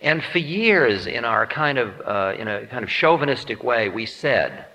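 A man's voice: mid-range voice, expressive, measured pace, hardly any pauses, sharp tone. Guy giving a spiritual talk, musing and wry, voice bounces up and down a lot, muffled old recording. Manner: musing, wry, self-mocking. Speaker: spiritual teacher. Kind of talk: humorous spiritual lecture. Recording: dull lo-fi tape in reverberant hall.

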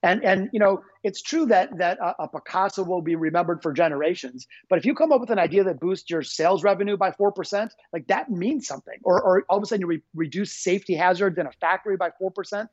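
Fast, upbeat man talking. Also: high-pitched, no room sound, lo-fi sound. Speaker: guest author. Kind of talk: energetic interview talk.

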